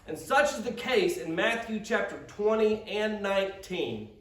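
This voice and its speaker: A man's voice: high voice, animated, a little slow, recorded from a distance. A man preaching a conversational sermon as pastor, with frequent stammered restarts and quotes acted out in character. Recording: roomy sound from off-mic.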